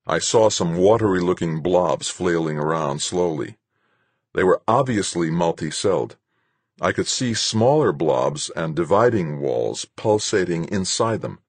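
Deep, husky male audiobook narrator. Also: expressive, a little slow, no echo.

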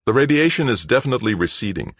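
A man voicing a male communications technician in a storybook reading, quick and matter-of-fact. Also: mid-range voice, very animated, fairly bright tone, breathy edge, dry recording, voice pushed up. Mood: reassuring.

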